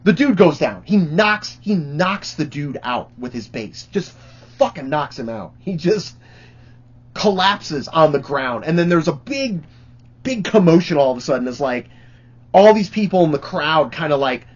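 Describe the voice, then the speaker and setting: Husky-voiced man telling rambling stories. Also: fairly high pitch, big pitch swings, unhurried, highs cut off. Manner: profane, rambling, lots of fillers. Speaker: channel host telling stories. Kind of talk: casual rambling storytelling.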